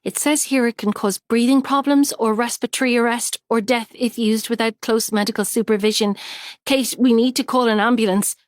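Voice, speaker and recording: A woman's voice: a little high, fairly even intonation, a little fast, no room sound, clean studio sound, voice pushed up, lightly acted. A woman doing an urgent, practical helper.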